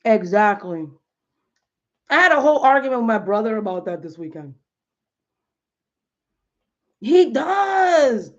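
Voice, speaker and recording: A woman's voice: fairly high pitch, sing-song, a little slow, pauses often. A woman in her thirties hosting a live stream from home, chatting casually and animatedly in slangy talk full of fillers. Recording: dull lo-fi stream audio.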